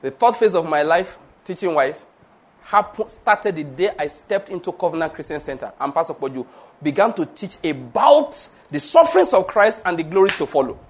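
Pastor preaching, high voice, jokey, laughs a lot. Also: male voice, normal speed. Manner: animated and humorous, laughing often, acting out quoted voices. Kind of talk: sermon.

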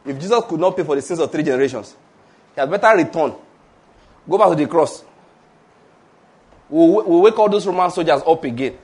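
A man delivers a sermon in a high-pitched voice. He laughs between his points, drifts from slow, weighty lines into quick asides, and has the congregation repeat after him. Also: slightly rough. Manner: animated, laughing asides, call-and-response with congregation. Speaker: pastor.

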